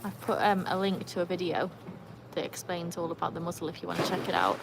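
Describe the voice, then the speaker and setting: A British woman with a fairly low, gravelly voice talks quickly while hosting a casual poolside livestream outdoors. She's chatty, reading out comments and coaxing her dogs, with splashing and barking audible in the background.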